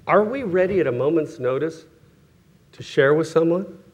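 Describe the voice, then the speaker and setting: A man's voice: a little high, lively intonation, moderate pace, a little mellow, husky, highs cut off. Chuckling conversational male preacher. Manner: conversational, self-correcting, chuckles often, acts out quoted voices. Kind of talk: sermon with personal stories.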